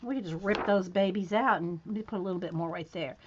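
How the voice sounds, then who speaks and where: A woman hosting a casual crafting vlog, chatting to her viewers as she works and getting excited by what she finds. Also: mid-range voice, fast, highs cut off, noisy background. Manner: chatty, excitable, talks to viewers while working. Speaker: craft video host.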